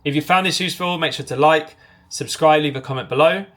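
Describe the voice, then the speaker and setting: A man coaching salespeople, talking directly to the viewer and acting out both sides of sales calls in quick back-and-forth. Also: fairly high pitch, a bit bright. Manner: direct, commanding delivery. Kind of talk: instructional talk to camera.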